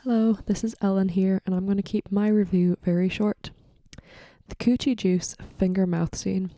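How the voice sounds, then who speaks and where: A woman co-hosting a podcast gives a short, deadpan review, half-whispering in a cinema lobby into a small phone microphone. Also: mid-range voice, moderate pace, dry recording. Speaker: podcast co-host.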